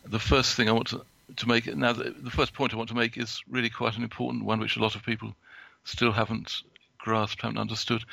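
Halting man with a gravelly voice. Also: mid-range voice, flat delivery, sharp tone, dry recording. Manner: halting, with many restarts and fillers. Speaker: guest speaker. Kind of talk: prepared talk from notes.

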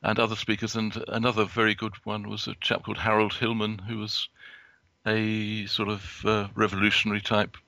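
A man giving a prepared talk from notes as a guest, halting, with many restarts and fillers. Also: fairly low pitch, monotone, creaky, sharp tone, no echo. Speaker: guest speaker.

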